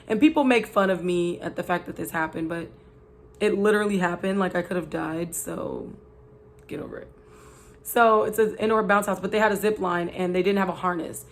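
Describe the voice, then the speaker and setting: A woman vlogger telling a personal story to her viewers in a casual, chatty and animated way, full of asides. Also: fairly low pitch.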